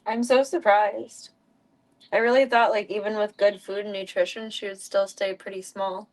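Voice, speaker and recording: A young woman chats to her viewers on a live stream while tending to her cats. She talks in a relaxed, easygoing way and now and then slips into high, cooing baby talk with the animals. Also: normal speed. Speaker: streamer caring for pet cats. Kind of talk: casual live-stream chat.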